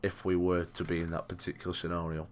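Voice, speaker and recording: Young man giving dry deadpan betting tips. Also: low voice, fast. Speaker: podcast co-host. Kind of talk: casual sports podcast banter.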